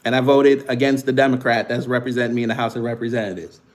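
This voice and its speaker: A man's voice: medium pitch, level tone, fast. A man hosting a live stream, teasing and taunting his chat with casual banter and frequent laughs.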